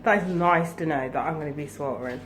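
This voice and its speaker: A woman's voice: low voice, fast talker, slight background noise. Sweary young woman vlogging. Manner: swearing, animated, laughing between phrases. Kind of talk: casual vlog rant. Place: home.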